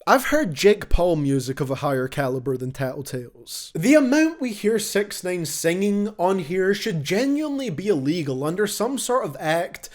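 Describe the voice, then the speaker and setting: A young man reads out a scripted album review with a blunt, sarcastic edge. His voice sits a bit high and swings widely in pitch, giving the delivery a lively, animated bounce. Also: moderate pace, few pauses. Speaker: music reviewer.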